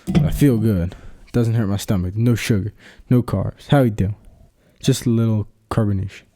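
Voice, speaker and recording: A young adult man hosts his own podcast in a solo, unscripted chat, rambling loosely and using lots of slang and filler phrases. His voice is low, mellow, and relaxed rather than bright, at normal speed.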